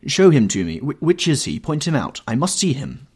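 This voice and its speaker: A brooding sixteen-year-old boy, jealous and threatening, as a male narrator voices him. The voice stays low and gravelly with a husky edge, and he speaks in blunt, stubborn bursts. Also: lively intonation, fairly quick, darkish tone. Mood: sullen. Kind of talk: audiobook character voicing.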